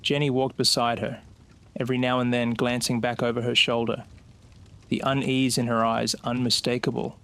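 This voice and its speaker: A man reads a scripted horror story aloud. He keeps a slow, suspenseful delivery. His voice sits at a middle pitch for a man. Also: level tone, creaky, a bit bright. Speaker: narrator.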